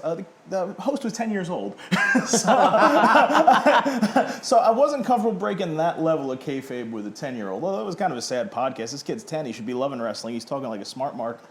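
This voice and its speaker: A man's voice: medium pitch, darkish tone. A man in his thirties, an independent pro wrestler, chatting casually and self-deprecatingly in an interview. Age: 30s. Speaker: indie pro wrestler guest.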